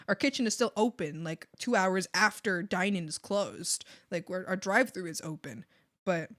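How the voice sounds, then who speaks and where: A woman's voice: mid-range voice, brisk. A woman streamer chatting casually while she draws, bubbly and giggly, with lots of "like" fillers. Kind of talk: casual chat while drawing.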